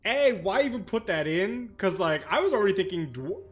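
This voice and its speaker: A man's voice: sits high, very animated. A man co-hosting a book club podcast, chatting casually in a blunt, profane, joking way. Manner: blunt and profane, quick with jokes. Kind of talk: casual chat.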